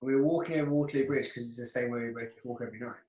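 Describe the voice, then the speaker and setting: A man's voice: medium pitch, rapid-fire. A young man chatting casually, telling stories and acting out friends' lines with lots of swearing. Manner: animated storyteller, quotes friends in lively voices, swears. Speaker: podcast guest. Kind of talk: casual chat. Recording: echoey room.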